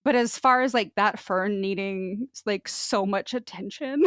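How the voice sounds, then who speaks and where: A woman's voice: mid-range voice, a little slow. A woman from North Dakota hosting a podcast, chatty and self-deprecating, laughing often as she talks. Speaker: podcast host. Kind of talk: casual podcast chat.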